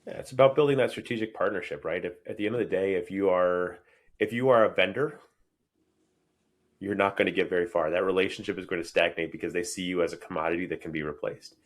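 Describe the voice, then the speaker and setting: A man's voice: low-pitched, quick pace. A man hosting a podcast, making his point emphatically and restarting phrases as he thinks aloud. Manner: emphatic, repeats words while thinking. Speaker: podcast host. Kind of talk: conversational podcast discussion.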